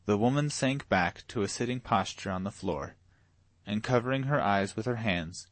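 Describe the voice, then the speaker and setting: A man reading a classic novel aloud as an audiobook narrator in an even, measured way. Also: on the low side, no room sound. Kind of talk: scripted narration.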